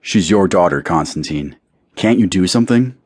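A man's voice: low-pitched, animated, moderate pace, a little mellow, husky, no echo. A male narrator voicing an exasperated, weary middle-aged manager in an audiobook. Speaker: audiobook character. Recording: dry close studio recording.

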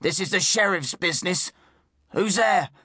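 A man's voice: medium pitch, unhurried, sharp tone, no room sound, clean studio sound. A man doing a spiteful, taunting forester. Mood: shouting. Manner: taunting, barking orders. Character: gruff stocky male forester, spiteful.

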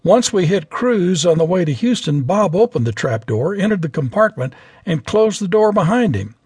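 A man narrating a memoir audiobook with lively storytelling, on a studio microphone. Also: high-pitched, normal speed, husky, no echo. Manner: lively storytelling, voices every character.

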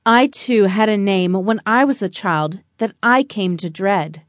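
Lady putting on a soft lower dad voice for a kids story, gentle and slow. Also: dry recording, close to an everyday voice. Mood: tender. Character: gentle loving father, adult man.

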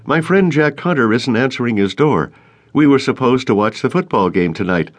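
A man's voice: medium pitch, animated, moderate pace, voice pushed up, close to an everyday voice. A man voicing an earnest, worried young man who insists on checking on a friend, in an audiobook. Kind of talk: audiobook character voice.

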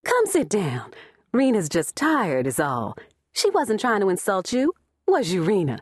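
A woman narrator voicing a shrill, nervous grown daughter for an audiobook, pitched well above her own voice. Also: wildly swooping pitch, unhurried, slightly rough, dry recording, clean studio sound, heavily acted. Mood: fussing. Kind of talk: audiobook character voice.

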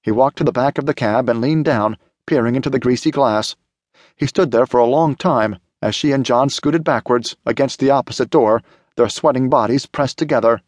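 A man narrating a thriller audiobook in a steady, measured way. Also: medium pitch, no echo, studio quality. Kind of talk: scripted narration.

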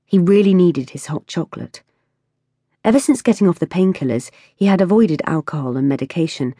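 Low husky woman reading a novel. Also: warm tone, dry recording, clean studio sound. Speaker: audiobook narrator. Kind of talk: scripted narration.

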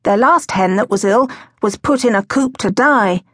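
A woman's voice: medium pitch, normal speed, a bit bright, no room sound, studio quality, voice pushed up, close to an everyday voice. A woman narrator voicing a gloomy, fretful boy who talks solemnly.

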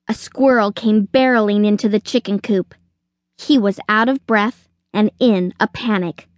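A woman narrates a children's audiobook with expressive storytelling, her mid-range voice moving a little slowly. The recording is dry and has a clean studio sound.

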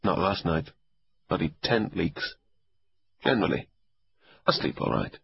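Brief: man reading wry young male officer, curt and guarded, low husky voice. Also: big pitch swings, a little slow, dry recording, dull audio, exaggerated voice. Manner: curt, dry and understated.

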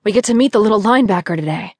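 A woman voicing a devoted young male best friend who speaks gently and reassuringly. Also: high-pitched, animated, very fast, no echo, clean studio sound. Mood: soothing.

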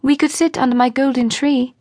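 A woman reading the part of a kind young governess, speaking softly and gently in an audiobook. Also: sits high, steady tone, fairly quick, no echo, studio quality, pitched above the performer's own voice, close to an everyday voice. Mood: tender. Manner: soft and gentle.

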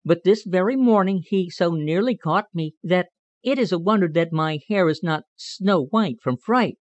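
A man voicing a curious, proud young male cottontail rabbit in an audiobook, quick to protest. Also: high voice, animated, no echo, muffled recording, pitched above the performer's own voice. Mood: indignant. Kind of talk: audiobook character reading.

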